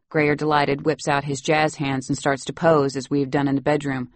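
A woman narrating a novel in the first person, wry and lively. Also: sits low, moderate pace, hardly any pauses, no room sound. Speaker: audiobook narrator.

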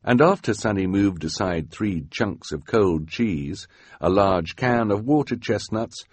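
A man's voice: fairly low pitch, lively intonation, a little slow, husky, dry recording. A man reading an audiobook in a dry, wry storytelling manner. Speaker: audiobook narrator. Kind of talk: scripted narration. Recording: dry studio voice-over.

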